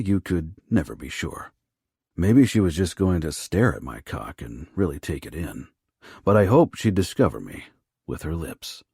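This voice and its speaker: A man narrating a first-person romance audiobook in a low, rough, hushed delivery. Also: dry recording, clean studio sound.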